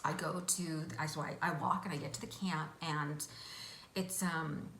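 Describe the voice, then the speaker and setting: A woman guest vividly recounting a hypnosis vision in an interview, excitable as she tells it. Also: deep voice, moderate pace. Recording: echoey room, faint hiss.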